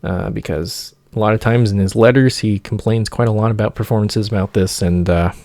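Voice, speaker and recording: A man giving an informal music theory lecture, singing motifs in nonsense syllables and pausing often with fillers. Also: on the low side, fairly even intonation, a little mellow, no room sound.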